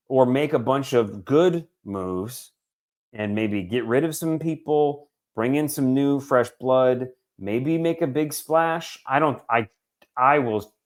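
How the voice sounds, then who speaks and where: A man in his forties co-hosting a podcast, talking sports in an animated, joking way and swearing freely. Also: medium pitch. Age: 40s. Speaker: podcast co-host. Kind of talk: casual sports chat.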